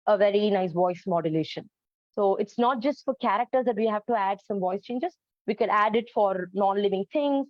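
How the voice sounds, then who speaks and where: A woman gives an educational talk, explaining her points earnestly and pausing often on ums and uhs. Her voice sits at a middling pitch. The recording is dull and lo-fi, with a dry, close sound. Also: no room sound. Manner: earnest, explanatory, many fillers. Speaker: presenter on storytelling for autistic children.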